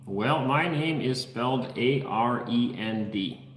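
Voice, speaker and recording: A man's voice: mid-range voice, slow pace, a little hiss or hum. Easygoing man hosting a livestream, echoey room. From Netherlands. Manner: easygoing, reads viewer names aloud. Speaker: livestream host. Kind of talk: casual chat reading live comments. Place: unfinished house under construction.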